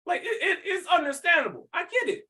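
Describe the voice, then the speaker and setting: A podcast co-host with a high, bright male voice that jumps up and down in pitch. He riffs on the story in loose, crude slang and laughs often. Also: sing-song, brisk, distant mic. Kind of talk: casual podcast banter.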